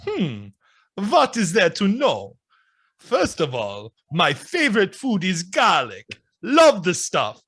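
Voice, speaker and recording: A man's voice: sits high, wildly swooping pitch, slow, a bit bright, breathy edge, exaggerated voice. A man voicing Dracula, a male vampire clumsily pretending to be human in a comedy podcast bit. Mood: mock innocent. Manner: bumbling, mock-innocent, slips out of character. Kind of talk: comedic improvised reading.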